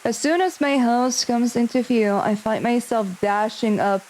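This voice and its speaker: A woman's voice: fairly high pitch, a little slow, a little mellow, slight background noise, rough recording. Chatty young woman streaming a visual novel. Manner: chatty, speculative, thinks aloud between read lines. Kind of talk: reading game text aloud and casual commentary.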